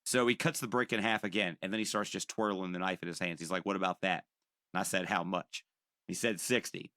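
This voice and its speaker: A young man with a bright, forward voice spins a rambling, profane story for his podcast co-hosts. He slips into the voices of the people he is quoting as he goes. The sound is close and dry. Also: low voice, a little fast, dry recording. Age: young adult. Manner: animated, profane, acts out quoted voices. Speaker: podcast co-host. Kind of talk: casual storytelling.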